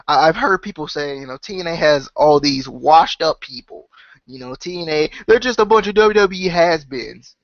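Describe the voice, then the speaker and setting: A man's voice: a little high, dry recording, highs cut off. Sick-voiced man musing on wrestling. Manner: rambling, full of "right?" and "you know". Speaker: wrestling podcast host. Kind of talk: casual solo opinion talk.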